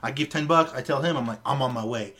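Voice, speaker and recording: A man co-hosting a casual podcast, telling a story in a lively, profane way. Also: mid-range voice, fast talker, a little hiss or hum. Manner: animated storyteller, swears freely. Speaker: podcast co-host.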